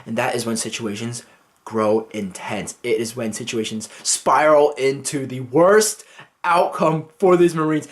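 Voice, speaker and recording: A man casually reviewing a movie, swearing freely as he retells scenes. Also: high-pitched. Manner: casual and profane, acting out scenes.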